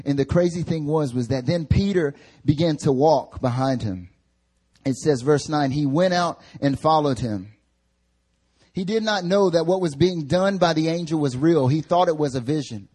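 A young man preaches a sermon with a husky, breathy edge to his voice. He pitches it a little high and keeps the tone casual and slangy, swinging between loud stretches and softer, lower passages. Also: moderate pace. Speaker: pastor.

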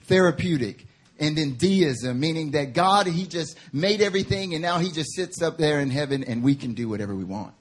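Male preacher, high husky voice, fervent sermon delivery that swells into passionate appeals. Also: animated, a little fast, few pauses. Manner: builds from quiet teaching to fervent, rising preaching. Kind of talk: sermon at a prayer meeting.

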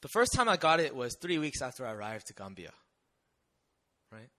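Bright-voiced man sharing a lively testimony. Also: medium pitch, normal speed. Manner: conversational, animated storytelling with frequent rhetorical questions. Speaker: missionary speaker. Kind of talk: testimony talk to an audience.

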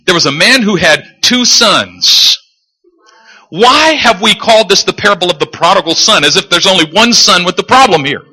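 A man preaching a sermon in a lively, animated way, joking and acting out characters in the stories he tells. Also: high voice, a little fast, husky. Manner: animated, jokes and acts out quoted characters. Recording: long hall reverb.

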